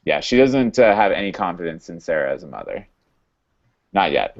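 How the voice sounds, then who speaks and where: Deep-voiced man recapping, full of fillers. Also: very animated, creaky. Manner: halting, many fillers and restarts. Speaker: podcast host recapping episodes. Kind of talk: casual recap chat. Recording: dull lo-fi sound.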